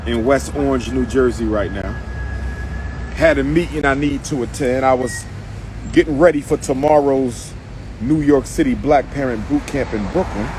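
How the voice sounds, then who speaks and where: A man's voice: mid-range voice, a little mellow, slight background noise, low-quality recording. A man delivering a live-streamed monologue as an activist commentator, emphatic and repetitive, speaking straight to the person he answers. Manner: emphatic and repetitive, addressing someone directly.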